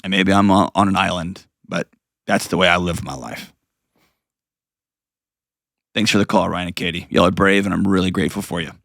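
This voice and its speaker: Deep gravelly middle-aged man. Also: fairly even intonation, normal speed, pauses often, fairly bright tone, no echo, studio quality. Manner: earnest, emphatic, repeats phrases for stress. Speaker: call-in show host and counselor. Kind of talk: call-in advice talk.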